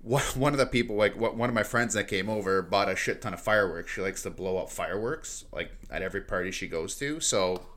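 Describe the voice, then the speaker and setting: Bright-voiced man swapping stories. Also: lowish voice, quick pace, few pauses. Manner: swears freely, laughs a lot while telling stories. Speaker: podcast co-host. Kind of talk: casual chat.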